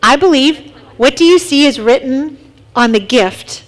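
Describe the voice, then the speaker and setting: Woman youth leader, a bit high-pitched, chatty storyteller who keeps questioning the kids. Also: measured pace. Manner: lively storytelling, asks the group questions. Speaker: youth leader speaking to middle schoolers. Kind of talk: casual youth talk.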